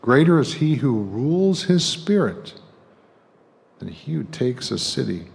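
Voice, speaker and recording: A man's voice: mid-range voice, big pitch swings, unhurried, gravelly, darkish tone. A middle-aged man preaching a sermon as guest speaker, talking conversationally with joking asides to the congregation. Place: church sanctuary. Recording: long church hall reverb.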